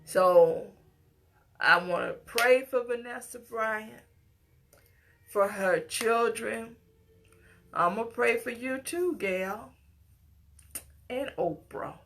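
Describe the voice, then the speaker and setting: A woman's voice: fairly high pitch, slow, pauses often, a bit bright, slight background noise. A middle-aged woman giving an impassioned, scolding personal commentary, at times tearful and pleading. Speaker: commentator reacting to a news story.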